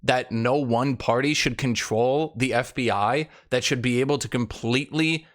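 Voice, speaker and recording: A man's voice: medium pitch, normal speed, fairly bright tone. A young man commenting on a live stream, reading out documents to his chat with heavy sarcasm, exasperation and frequent swearing.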